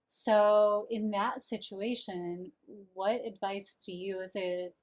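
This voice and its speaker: A woman's voice: medium pitch, steady tone, slow pace. A woman hosting a podcast, agreeing readily with her guest and asking thoughtful questions. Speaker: podcast host. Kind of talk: casual interview talk.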